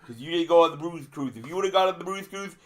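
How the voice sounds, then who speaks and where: A man's voice: on the high side, fast talker, natural voice. A man doing a swaggering old wrestling legend. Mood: boastful teasing. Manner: swaggering, teasing, calls people baby. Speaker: podcast co-host. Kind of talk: comedic impression.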